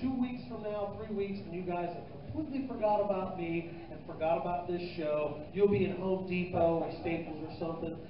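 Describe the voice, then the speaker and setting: A man's voice: high-pitched, brisk, hardly any pauses. A man doing a stand-up comedy set, loose and profane, teasing the crowd in a live club. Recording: echoey, distant, muffled club recording with noise.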